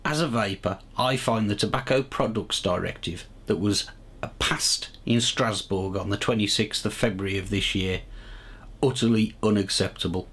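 Low-voiced man hosting. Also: moderate pace, fairly bright tone, breathy edge. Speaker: show host. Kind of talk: casual chat and video diary narration.

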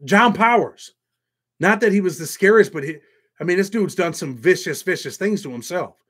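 A man's voice: high-pitched, animated, normal speed, fairly bright tone, husky. A man hosting a casual livestream, rambling and profane, reading viewer donations aloud between prison stories. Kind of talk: casual live chat with viewers.

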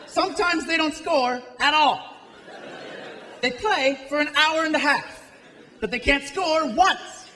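A man's voice: very high-pitched, takes it slowly, big-room sound. A male stand-up comedian making sardonic, mocking observations on stage. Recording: live club, loud crowd laughter.

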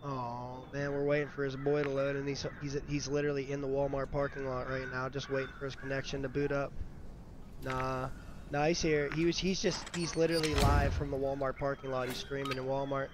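A man's voice: mid-range voice, level tone, fairly quick. A man streaming an online shooter, calling out plays and trash-talking the other team between laughs with his teammates. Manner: rowdy trash talk, callouts and laughter with teammates. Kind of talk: casual live gameplay chatter. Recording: noisy stream audio with clicks.

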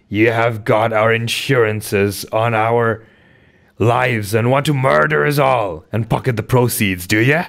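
A man's voice: medium pitch, vocal fry, fairly bright tone. A man reading aloud voices a blustering, mocking sailor mate with rising outbursts, as in a storybook.

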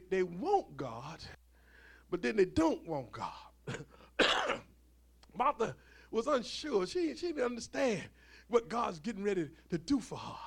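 High gravelly preaching man. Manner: preaching with rising shouts and a "huh?" after phrases. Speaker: pastor. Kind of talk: sermon. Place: church.

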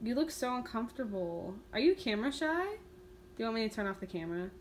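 A woman's voice: a little high, big pitch swings, quick pace, a little hiss or hum. Young woman cooing at her cat. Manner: playful, cooing baby talk to her cat. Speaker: vlogger. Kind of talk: casual home vlog.

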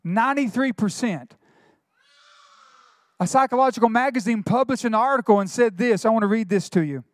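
A middle-aged male pastor, preaching a sermon with quick asides and retold dialogue. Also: very high-pitched, no echo, clean studio sound.

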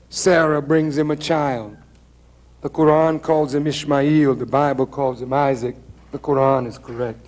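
A man's voice: medium pitch, fairly even intonation, a little slow, darkish tone. A middle-aged man who is a minister preaches a sermon in a conversational, dramatic and emphatic way. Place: lecture hall.

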